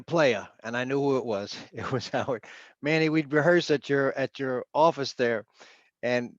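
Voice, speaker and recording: A man's voice: medium pitch, no room sound. New man telling stories at a video-call tribute, dry muffled sound. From Queens, New York. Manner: warm storytelling, trails off into soft pauses. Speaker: friend and bandmate giving a tribute. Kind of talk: heartfelt remembrance on a video call. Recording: dull lo-fi video call audio.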